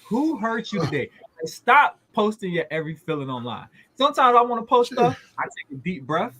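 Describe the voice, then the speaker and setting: A man's voice: high-pitched, very animated, fairly quick, sharp tone. A man co-hosting a casual family talk show, telling stories animatedly and acting out both sides of a conversation. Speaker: podcast co-host. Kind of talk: casual chat.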